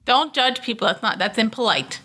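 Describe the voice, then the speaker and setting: A woman's voice: on the high side, expressive, fairly quick, bright, forceful tone. A young woman co-hosting a casual cartoon review chat, chatty and playful, with lots of fillers. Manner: chatty, many fillers, playful put-on voices. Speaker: co-host reviewing a cartoon episode.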